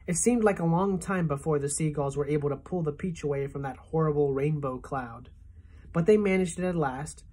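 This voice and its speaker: Woman teacher, storybook read-aloud, expressive, husky and low-pitched. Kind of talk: reading a children's novel aloud.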